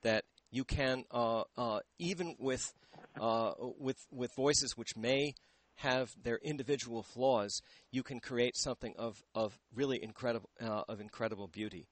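Guy talking about voice training on a handheld mic, halting, keeps hunting for words. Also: medium pitch. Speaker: voice teacher. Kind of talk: explaining and demonstrating singing in a radio interview. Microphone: handheld microphone.

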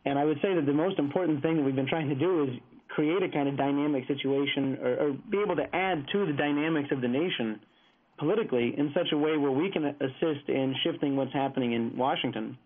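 A man's voice: on the high side, quick pace. A man reporting from his street organizing, telling an anecdote in a rambling, casual way with many fillers. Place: Los Angeles, over a phone line. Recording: tinny phone line on radio.

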